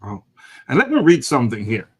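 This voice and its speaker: A man's voice: medium pitch, wildly swooping pitch, a little fast. A man hosting a talk show in casual chat, enthusiastic and repeating phrases for emphasis.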